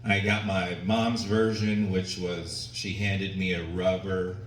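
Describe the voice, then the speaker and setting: Guy doing standup, takes his time, pauses for laughs, noisy room picked up from far away. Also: deep voice, level tone. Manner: slow, deliberate storytelling with pauses for audience laughter. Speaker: stand-up comedian. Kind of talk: stand-up set. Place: comedy venue with a live audience. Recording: echoey room recorded from a distance, noisy. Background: audience laughter and room ambience.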